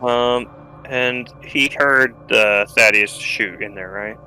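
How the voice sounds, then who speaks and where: A man's voice: medium pitch, slow pace, bright, forceful tone, clean tone, poor audio. A man playing in a tabletop game, chatting casually and thinking aloud about his moves. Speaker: player.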